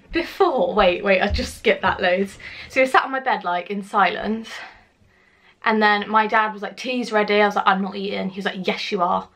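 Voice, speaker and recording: A woman's voice: mid-range voice, fairly even intonation, normal speed, a bit bright. Chatty young woman telling a story. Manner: chatty, swears freely, acts out quotes. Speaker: vlogger. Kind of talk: casual storytime.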